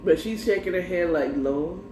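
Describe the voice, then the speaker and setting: Slow-talking woman, echoey room. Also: fairly low pitch, a little hiss or hum. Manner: animated, quotes characters, swears freely. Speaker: host recapping a story. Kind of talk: casual recap with quoted lines. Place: home room. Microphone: earbuds with mic. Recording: echoey room, slightly distant mic.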